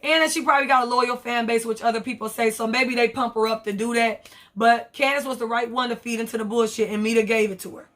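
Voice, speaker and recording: A woman's voice: on the high side, steady tone, quick pace, a bit bright. A woman recapping reality TV in a blunt, profane, rambling vlog. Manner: blunt, profane, rambling commentary with quoted asides.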